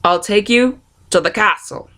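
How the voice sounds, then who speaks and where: A woman voicing a dutiful king's soldier who speaks in a measured, formal, patient way. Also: mid-range voice, bright, forceful tone, natural voice.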